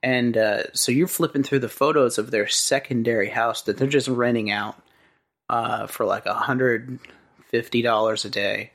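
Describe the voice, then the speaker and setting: A man's voice: mid-range voice, steady tone, moderate pace, a bit bright. A man co-hosting a casual comedy podcast, laid-back, riffing along and laughing. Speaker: podcast co-host.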